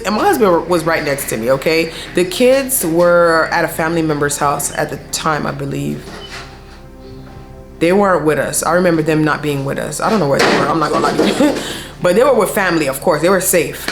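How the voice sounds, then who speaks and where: Young woman, low voice, casual storytime vlog, slangy and chatty, faint music underneath. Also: normal speed, creaky. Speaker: vlogger.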